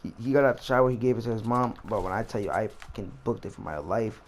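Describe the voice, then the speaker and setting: A man's voice: on the low side, fast, faint music behind. A young man vlogger telling a rambling, slangy story as he plays a game. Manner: rambling, slangy, repeats himself. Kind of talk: casual storytime while gaming.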